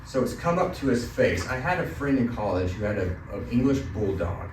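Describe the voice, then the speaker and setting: A man's voice: mid-range voice, very animated, fairly quick, darkish tone. A man teaching a Bible study class in casual, conversational style, asking the group questions and telling light stories. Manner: conversational, asks the class questions, tells a joking story. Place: church classroom. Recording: roomy, mic from a distance, faint noise.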